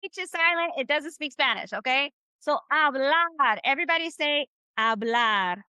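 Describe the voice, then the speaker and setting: A high-pitched, bright-toned woman leads a live online Spanish class. She is upbeat and encouraging, and she drills phrases with the group. Her voice sounds dry and close, with no room echo. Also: expressive, moderate pace. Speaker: Spanish teacher.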